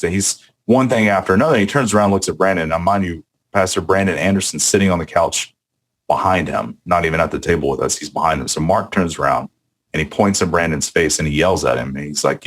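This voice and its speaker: Very deep-voiced man telling a story. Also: normal speed. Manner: storytelling, mimics quotes, matter-of-fact. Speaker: former staff member recounting a meeting. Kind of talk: recorded interview clip.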